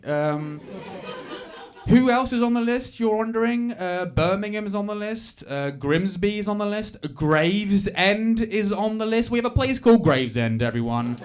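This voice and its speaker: A young man, doing stand-up comedy in a club and teasing the crowd. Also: high voice. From England. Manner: chatty, teasing, crowd work. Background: audience laughter.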